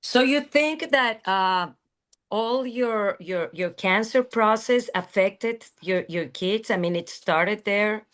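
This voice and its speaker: A woman hosting an interview who listens sympathetically and asks gentle questions. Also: medium pitch, slow. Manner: sympathetic, lots of soft backchannels. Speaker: interview host.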